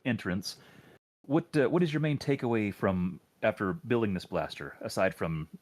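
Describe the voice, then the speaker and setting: Deep-voiced male stream host. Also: normal speed, darkish tone. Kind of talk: casual livestream chat.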